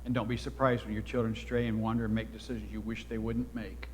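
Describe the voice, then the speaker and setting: A man preaching a sermon as pastor, earnest and exhorting, his voice swelling louder when he drives a point home. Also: lowish voice, level tone, fast talker, big-room sound, a little hiss or hum. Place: church sanctuary.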